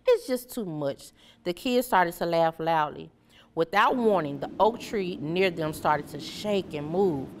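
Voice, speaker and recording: A woman reading a children's story aloud in a clear, measured way. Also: fairly low pitch, animated, slight background noise. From Memphis area, USA. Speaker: storybook reader.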